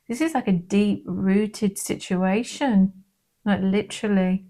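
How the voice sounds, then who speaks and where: A woman with a mid-range voice gives a casual tarot card reading, gentle and reassuring, often checking in with "okay?"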